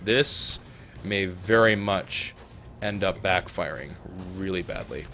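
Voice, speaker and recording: A young man giving jokey, excitable let's-play commentary, talking to the animals in his game. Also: sits low, takes it slowly, slight background noise. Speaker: gaming YouTuber.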